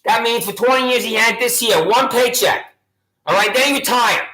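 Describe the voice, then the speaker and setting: A man rants at a sheriff in a mocking, badgering tone and keeps repeating his taunting questions. His voice sits very high and sounds sharp and bright. The room around him is echoey. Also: normal speed. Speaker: local gadfly taunting a sheriff. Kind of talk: ranting monologue addressed to a sheriff.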